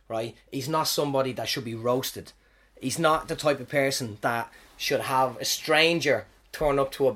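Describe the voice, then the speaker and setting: Irish man telling profane gig stories. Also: mid-range voice. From Ireland. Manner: animated, profane, self-mocking. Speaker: stand-up comedian, podcast host. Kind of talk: casual storytelling monologue.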